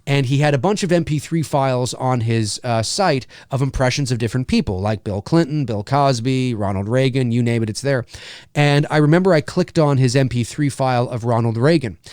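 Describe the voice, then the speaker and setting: A man's voice: mid-range voice, fairly quick, darkish tone, dry recording, clean studio sound. A man hosting his own show as a voice actor, talking in a rambling, candid way and often restarting his sentences. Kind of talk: casual livestream talk.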